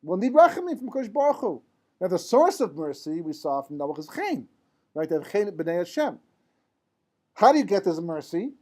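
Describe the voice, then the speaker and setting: A man's voice: sits high, sing-song, normal speed, dark tone. A man teaching a Torah class in a conversational lecture style, mixing Hebrew terms into English and often asking "right?" to check in with his listeners. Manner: conversational, asks rhetorical questions and checks in with "right?". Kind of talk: informal lecture to a live class.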